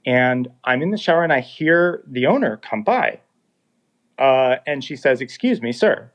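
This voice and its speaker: Animated man telling a story, lo-fi. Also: medium pitch, measured pace. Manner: animated, acts out dialogue in quotes. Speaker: guest telling his story. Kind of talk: casual first-person storytelling. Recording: dull lo-fi sound.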